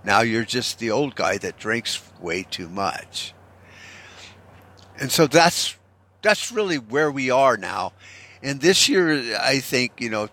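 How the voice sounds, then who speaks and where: A man rants off the cuff in a bright, forceful voice, swearing freely and doubling back on his words. His delivery is sarcastic and rambling, at an everyday pitch. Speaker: commentator. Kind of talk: unscripted ranting commentary.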